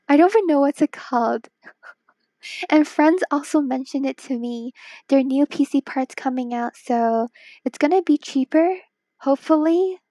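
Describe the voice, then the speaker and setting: A woman streamer chatting casually with viewers while drawing, giggly and excitable, talking into wireless earbuds. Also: sits high, moderate pace, dry recording.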